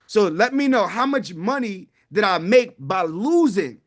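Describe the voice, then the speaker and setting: Fired-up man pitching wealth building. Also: big pitch swings, measured pace. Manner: fervent, preachy, calls out to the audience. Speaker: wealth-building webinar host. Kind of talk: live online sales pitch.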